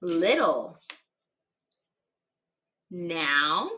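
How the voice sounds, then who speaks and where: A woman gives children a phonics reading lesson, patiently spelling words out letter by letter and offering cheerful praise. Her voice is on the low side, pushed and bright, with big swings in pitch.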